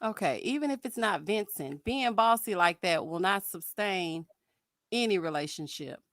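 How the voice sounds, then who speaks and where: A woman hosting a live stream, chatting about a reality show in a sassy, animated way, calling her viewers "honey" and "child.". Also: mid-range voice, moderate pace, no room sound, studio quality. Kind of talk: casual reality TV commentary.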